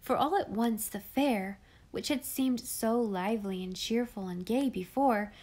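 A woman narrating a classic children's novel in a calm, measured, expressive reading voice. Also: fairly high pitch. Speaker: audiobook reader. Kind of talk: storybook narration.

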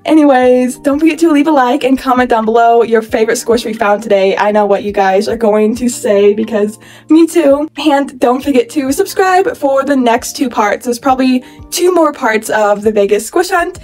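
A woman in her twenties chatting excitedly in a casual haul vlog, gushing and saying "like" often. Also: a little high, moderate pace, soft background music. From California. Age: 20s. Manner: bubbly, gushing, chatty with many "like"s. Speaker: YouTuber reviewing toys.

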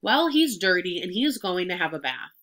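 Lady doing a firm bossy farm wife, bright voice. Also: lowish voice, very animated, brisk.

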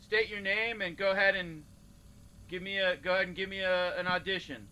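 A bored casting guy calling auditions, clear bright voice, slow. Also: sits high, fairly even intonation, muffled recording. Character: weary man casting director running auditions. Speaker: casting director.

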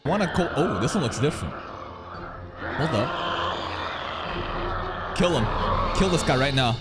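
A man hosting a live anime reaction, heated and profane, yelling at the screen. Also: a little high, expressive, a little slow. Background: anime episode audio with music.

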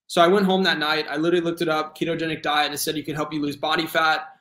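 A man in his twenties, a guest telling his story in a casual, earnest way, full of fillers and animated retelling. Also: fairly high pitch, very fast, reverberant. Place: home room.

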